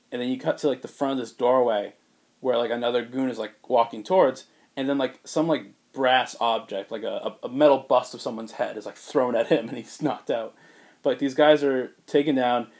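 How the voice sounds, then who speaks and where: A man on a podcast telling a story in casual chat, rambling with fillers and putting on quick voices for the characters. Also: medium pitch, fairly even intonation, darkish tone. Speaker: podcast co-host pitching a movie.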